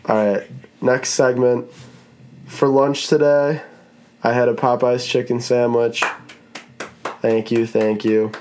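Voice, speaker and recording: A man's voice: medium pitch, flat delivery, takes it slowly, long pauses, darkish tone. A man hosting a casual podcast chat, rambling in a laid-back way and swearing now and then. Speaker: podcast host.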